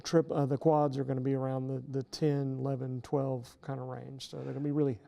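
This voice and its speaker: A middle-aged man speaks as a guest in a casual interview, his voice mellow with a gravelly edge. He explains patiently, circling back with fillers and restarts as he goes. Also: mid-range voice, level tone, fairly quick. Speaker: professor guest.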